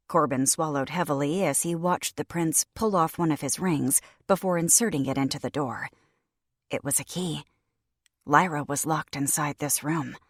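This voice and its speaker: A woman narrating a fantasy audiobook in the first person, in a measured, even reading. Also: deep voice, no room sound, studio quality. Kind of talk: scripted narration.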